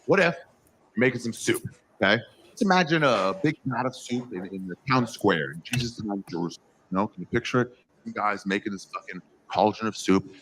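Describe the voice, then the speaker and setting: A young man doing a stand-up comedy set, telling a story with lively crowd work and swearing, recorded live on stage. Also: on the low side, brisk, slight background noise.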